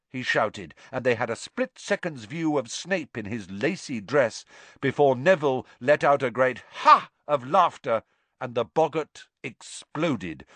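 A man narrating a story in a dramatic, expressive reading style. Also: medium pitch, no room sound. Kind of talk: audiobook narration.

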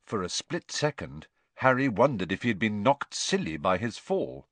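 A man reading a story aloud, in an expressive audiobook narration. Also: on the low side, moderate pace, dry recording.

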